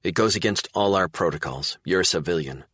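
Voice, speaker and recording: A man voicing a tough, no-nonsense woman police detective who speaks firmly and briskly in an audiobook. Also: deep voice, a bit bright, slightly rough, dry recording, clean studio sound. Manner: firm, brisk.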